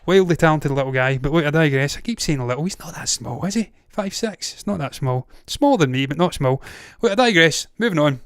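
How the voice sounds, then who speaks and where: A man's voice: on the high side, brisk, hardly any pauses, clear, resonant tone, no echo, clean studio sound. A Glaswegian-accented Scottish man hosting a movie news show, ranting casually with blunt swearing and frequent digressions. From Scotland. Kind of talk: casual opinionated commentary.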